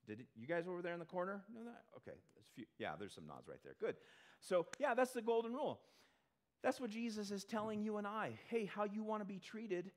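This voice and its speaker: A male pastor giving a conversational sermon to a congregation in a church, talking in an animated way. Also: sits high. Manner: animated, acts out quick character voices.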